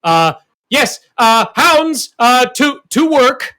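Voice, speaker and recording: A man voicing a male deep dragon riddled with fungus, who speaks haltingly and pauses on every phrase. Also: sing-song, sharp tone, heavily acted. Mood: reluctant. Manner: halting, full of uhs.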